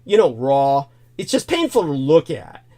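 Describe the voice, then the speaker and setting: A man with a voice a touch higher than most men tells a long personal story. He wanders off on tangents, circles back and repeats key phrases, chuckling as he goes. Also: very animated, moderate pace, mellow. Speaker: host. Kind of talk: rambling spoken storytelling.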